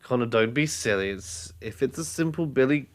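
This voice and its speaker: A man's voice: medium pitch, animated, moderate pace, lightly acted. A man voicing a confident, bossy girl twin who gloats over her brother. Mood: reassuring.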